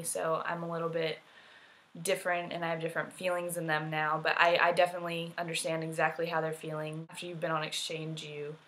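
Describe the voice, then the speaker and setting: A young woman talks casually to her camera, rambling from one thought to the next and tossing in playful asides. Her voice sits a little low for a woman, and the delivery stays loose and informal. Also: fairly bright tone. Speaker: exchange student vlogger. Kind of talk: casual vlog talk to camera.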